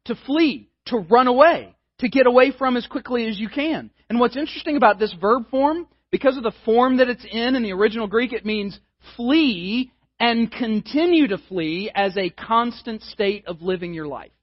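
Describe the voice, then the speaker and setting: A man's voice: extremely high pitch, no room sound, muffled recording. A male pastor giving a conversational, emphatic sermon, often repeating words as he builds a point.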